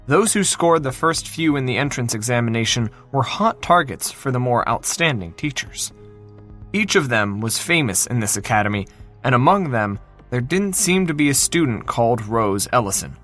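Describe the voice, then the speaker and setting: Lively male fantasy novel narrator. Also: mid-range voice. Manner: dramatic, expressive reading. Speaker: audiobook narrator.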